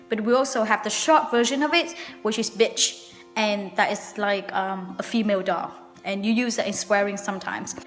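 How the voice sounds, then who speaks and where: A young woman hosts a relaxed English pronunciation lesson in a fairly high voice. She explains patiently and slows down to repeat example words. Her voice rings in a long reverb, with faint music playing underneath. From Vietnam. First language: Vietnamese. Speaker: English teacher, channel host. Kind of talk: casual video lesson. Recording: reverberant room with background music.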